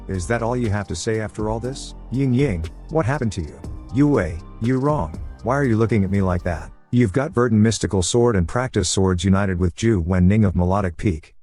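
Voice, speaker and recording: A man reading a story recap as narrator, voicing every character himself in a flat read-through. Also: lowish voice, a little fast, few pauses, soft background music. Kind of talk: scripted recap narration, voicing all roles.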